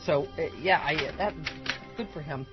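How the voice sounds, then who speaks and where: A man's voice: a little high, moderate pace, loud music behind the voice. A man co-hosting a talk radio show, chatty, reading news aloud with joking asides. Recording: dull lo-fi broadcast audio.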